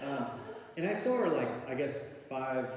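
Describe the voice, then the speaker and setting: Very animated yet measured in pace, a man with a medium-pitched voice recounts his recovery, laughing at himself along the way. His delivery is rambling and casual, crowded with fillers and restarts. Slight background noise and the long reverb of a very echoey hall color the audio.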